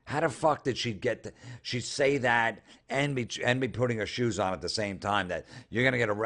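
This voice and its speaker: A comedian host reads social media posts aloud and rants about them with sarcasm, disbelief, and frequent swearing. His voice is medium-pitched and a bit bright, moving at normal speed with few pauses.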